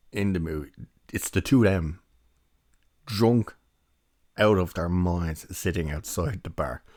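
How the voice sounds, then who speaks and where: A man's voice: deep voice, darkish tone, dry recording, clean studio sound. A young man giving a rambling, chatty film review and laughing now and then as he recounts scenes. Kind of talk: casual spoken film review.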